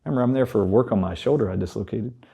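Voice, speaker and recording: A guest on a talk show, a man telling a story in a low, warm voice. he speaks with animation and acts out each remembered line of dialogue in turn. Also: fast, gravelly, slightly rough. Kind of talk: storytelling in a conversational interview.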